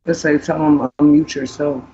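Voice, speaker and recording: A man's voice: fairly high pitch, little pitch movement, normal speed, a crowd in the background. Joking co-host man on a dull mic. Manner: joking, chiming in with short remarks. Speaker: podcast co-host. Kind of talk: casual podcast chat. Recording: dull mic with faint noise.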